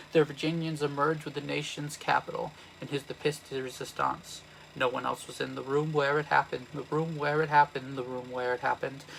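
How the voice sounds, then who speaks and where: A man reading as an envious, watchful male politician, in a steady, flat chant. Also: medium pitch, gravelly, slight background noise, rough recording. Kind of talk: reading a musical script aloud.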